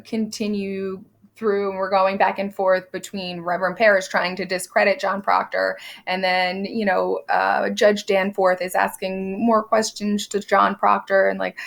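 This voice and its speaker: A woman's voice: mid-range voice, gravelly. A woman teacher talking through a play in a conversational lesson, tossing questions to students and reading quoted lines aloud. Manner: conversational, with quick asides and quizzing questions. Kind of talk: recorded classroom lesson walking through a play.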